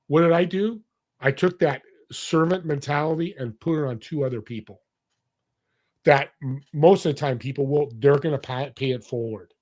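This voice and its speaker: An earnest man, a guest on a podcast, telling a personal story with energy. His voice sits a bit high, and he acts out the people in his story as he goes. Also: moderate pace. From California. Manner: earnest, animated storyteller acting out quoted voices. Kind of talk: storytelling interview talk.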